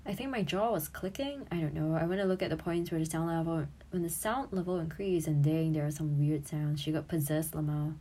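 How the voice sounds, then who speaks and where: A woman's voice: low-pitched, steady tone, brisk, hardly any pauses, mellow. A woman in her twenties, an audio creator and streamer, chatting casually and giggling as she looks back on her old posts, swearing freely.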